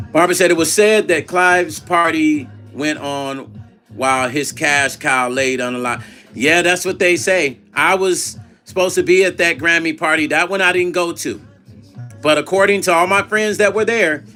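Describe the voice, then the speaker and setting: A man's voice: a little high, sharp tone. A middle-aged man hosting a casual livestream, telling a story in quoted back-and-forth dialogue and reading viewer chat aloud. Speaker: vlog host.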